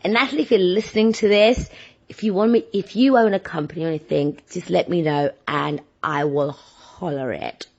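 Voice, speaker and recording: A woman vlogger telling everyday stories in a rambling, animated, self-deprecating chat. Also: medium pitch, fast talker. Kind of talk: casual chatty monologue. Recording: dull lo-fi sound.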